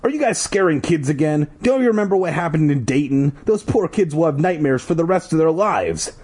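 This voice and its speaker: A man putting on a bossy carnival barker from a spooky storybook, snapping out orders in a raised, shrill voice. A husky grain runs through it. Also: animated, a little mellow. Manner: barking brisk orders.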